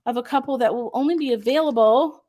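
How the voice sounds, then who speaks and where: A high-pitched, mellow female voice moving at a quick pace. She owns a small craft shop and hosts a relaxed live stream where she chats enthusiastically about her goods, fills gaps with lots of ums, and reads and replies to comments from viewers.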